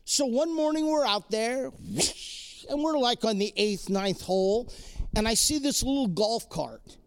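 Very high-pitched, clear, and resonant, this man's voice is animated yet a little slow. Addressing a live audience, he gives an inspirational talk built around a personal story and lots of emphatic repetition.

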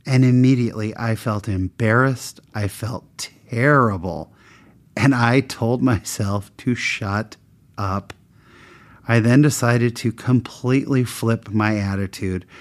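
A man of average pitch telling a personal story with a faith lesson at the end. He talks in a candid, self-mocking, conversational way. When he plays the people in his story, his pitch jumps up and down a lot. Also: fairly even intonation, measured pace. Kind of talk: personal anecdote with a moral lesson.

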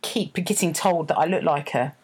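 A woman's voice: deep voice, moderate pace, a little mellow, breathy edge. A woman co-hosting a podcast, chatting casually and self-deprecatingly, often restarting her sentences. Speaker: podcast co-host. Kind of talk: casual chat.

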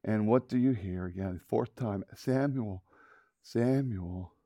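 A man preaching a sermon, telling a Bible story with lively acted-out voices and closing in a hushed prayer. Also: fairly low pitch, normal speed, dry recording, studio quality. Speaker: pastor.

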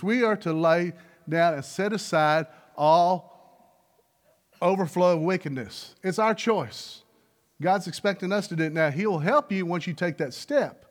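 High-voiced pastor preaching folksy. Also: male voice. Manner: folksy storytelling with rhetorical questions to the congregation. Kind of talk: sermon. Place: church sanctuary.

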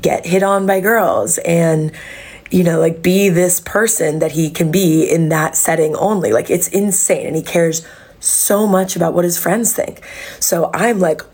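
Young woman with a low gravelly voice. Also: measured pace. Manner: animated, acts out quotes, swears freely. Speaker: podcast host. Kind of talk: casual storytelling chat.

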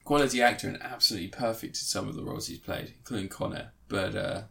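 Gravelly, teasing male podcast co-host. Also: fairly low pitch, fast, a bit bright. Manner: dry, teasing, hesitant with ums. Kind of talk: casual banter about games.

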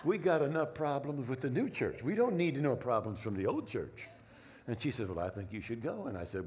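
A middle-aged man preaching a sermon, telling a personal story with lively asides and frequent "right?" checks. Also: medium pitch, brisk. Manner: animated storytelling, repeats words, asks "right?". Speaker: pastor.

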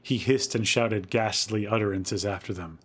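Male podcast host, lowish voice, dramatic spooky story reading. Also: moderate pace, a bit bright, slight background noise.

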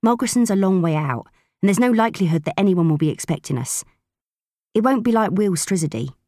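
A woman's voice: medium pitch, animated, a little fast, dark tone, no echo, studio quality, pitched above the performer's own voice, lightly acted. A woman voicing a tough, blunt young woman pirate captain who speaks tersely. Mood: determined.

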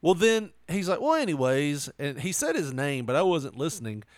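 A man's voice: fairly high pitch, huge pitch swings, brisk, no echo, clean studio sound. A man telling a story in casual chat, laughing often and acting out quotes.

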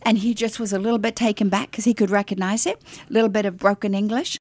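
A middle-aged woman missionary telling her story in an interview, animated and dramatic. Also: medium pitch, quick pace, no echo.

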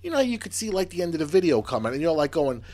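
A man with a congested voice chatting casually as a podcast co-host, telling animated stories and doing playful mock quotes. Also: fairly high pitch, fast talker. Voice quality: accent slipping into a Boston sound. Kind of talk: casual chat.

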